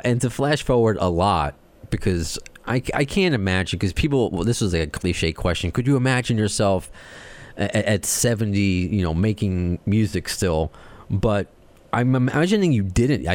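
A man's voice: lowish voice, lively intonation, normal speed, no echo. A man hosting a podcast interview, asking long, winding questions with frequent restarts. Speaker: podcast host. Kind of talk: casual interview.

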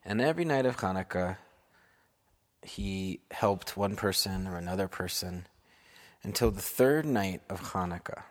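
A man improvising a bedtime story for his children, unhurried and asking them questions along the way. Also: deep voice, lively intonation.

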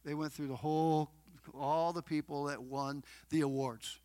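A man's voice: a little high, steady tone, normal speed, no echo. Fervent middle-aged man testifying. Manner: fervent, repeats phrases for emphasis, addresses listeners directly; swings from soft murmurs to loud proclamations. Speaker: guest sharing a personal testimony. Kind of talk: emotional storytelling testimony.

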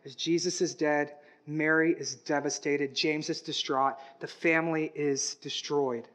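A man preaching a sermon, swinging between hushed, slow passages and loud, rising declarations. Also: on the high side, fairly even intonation. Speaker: pastor.

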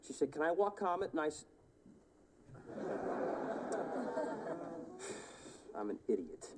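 An actor playing an exasperated, hot-tempered young uncle in a sitcom, grumbling and scolding himself. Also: male voice, a little high, huge pitch swings, extremely slow, very noisy, full character voice. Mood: sheepish. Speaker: sitcom character. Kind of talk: multi-camera sitcom acting. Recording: sitcom clip with loud audience laughter.

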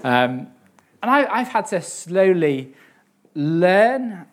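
A young man giving a sermon on a psalm, reading scripture earnestly and then talking it through with many pauses, fillers and repeated words. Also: high voice, big pitch swings. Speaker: preacher.

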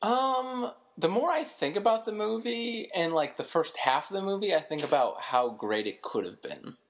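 A woman co-hosting a podcast in casual chat, dry and laid-back with quick interjections. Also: medium pitch, animated. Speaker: podcast co-host.

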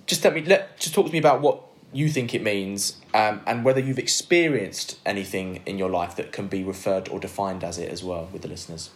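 A man's voice: fairly low pitch, fairly quick. A man hosting a podcast interview, asking long, loosely worded questions in a casual way. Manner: asks long, rambling questions. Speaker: podcast host.

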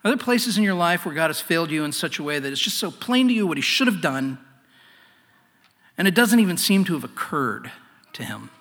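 A man preaching a sermon in an earnest way, often dropping to a hushed voice. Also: on the high side, big pitch swings, brisk. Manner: earnest, swings from loud to hushed. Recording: long hall reverb.

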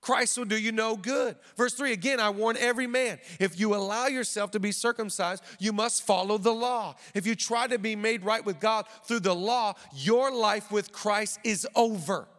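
Male pastor, high voice, playful punchy sermon, repeats lines for emphasis, long hall reverb. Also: normal speed, hardly any pauses. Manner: lively preaching with joking asides.

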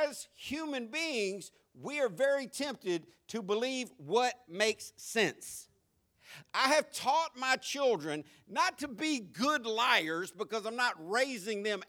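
A middle-aged male pastor preaching a sermon, calling out to his congregation and telling stories, rising to animated shouts. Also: sits high. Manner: preaching with audience call-outs and storytelling.

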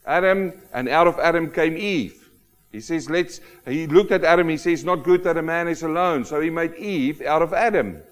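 A man preaching a sermon, emphatic and animated, often asking rhetorical questions of the congregation. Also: on the high side, moderate pace. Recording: long hall reverb.

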